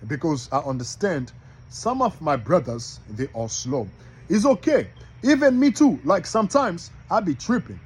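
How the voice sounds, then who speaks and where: A man teaching from the Bible in a casual style, reading verses with loud emphasis and calling out to his listeners. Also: medium pitch, unhurried, slightly rough. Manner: animated, calls out to listeners; reads scripture with loud emphasis. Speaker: preacher.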